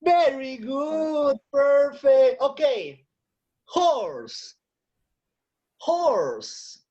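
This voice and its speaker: Woman teacher, lively, higher-pitched, patient pacing, bilingual English and Spanish. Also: extremely slow, muffled recording. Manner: encouraging, repeats phrases and switches into Spanish. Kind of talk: online lesson for young learners.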